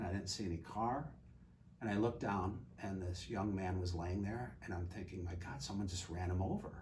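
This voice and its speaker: Low-voiced retired man telling a story. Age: older. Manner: animated storyteller, acts out quoted dialogue. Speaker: guest. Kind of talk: casual storytelling. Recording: distant mic with faint ambient noise.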